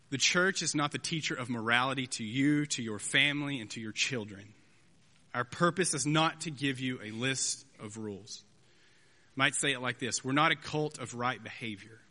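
A man's voice: mid-range voice, pushed and bright. Man in his thirties preaching in a hall. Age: 30s. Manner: earnest, conversational preaching with rhetorical asides. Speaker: pastor. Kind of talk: sermon. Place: church sanctuary. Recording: long hall reverb.

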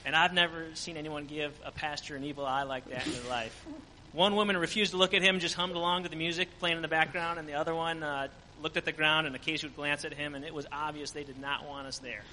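A man's voice: a little high, fairly even intonation, fast talker, few pauses, bright, forceful tone, big-room sound, a little hiss or hum, low-quality recording. A man giving an earnest church testimony about a mission trip, full of fillers. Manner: earnest storytelling with frequent fillers. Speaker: mission trip team member.

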